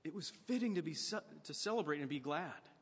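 A man's voice: on the high side, expressive, a little fast, slightly rough, long reverb tail. A man preaching a sermon in a conversational way, asking his listeners questions.

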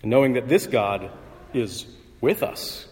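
A male pastor giving a sermon in a measured, conversational way, pausing with fillers and clearing his throat. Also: medium pitch, lively intonation, darkish tone. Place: church sanctuary. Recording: long reverb of a church hall.

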